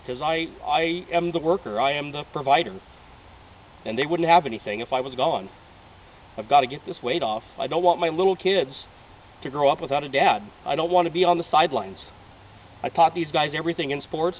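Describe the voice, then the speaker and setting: A man's voice: on the high side, a little hiss or hum. Earnest man filmed from a distance. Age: 30s. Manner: emotional, heartfelt. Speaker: reality show applicant. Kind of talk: earnest personal appeal. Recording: distant, dull home video audio.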